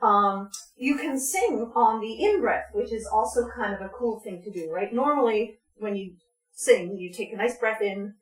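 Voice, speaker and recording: A woman's voice: medium pitch, lively intonation, normal speed. A woman leading a vocal workshop, talking informally with lots of ums and laughs, and breaking into short sung demonstrations. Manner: chatty, laughs often, many ums, demonstrates sounds. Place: community music space, roomy. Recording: echoey room.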